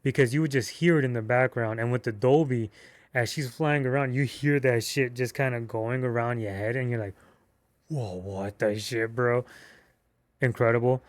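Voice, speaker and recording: A man giving a casual movie review, excitable and slangy, with cursing and rambling restarts. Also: medium pitch, fairly quick, no echo.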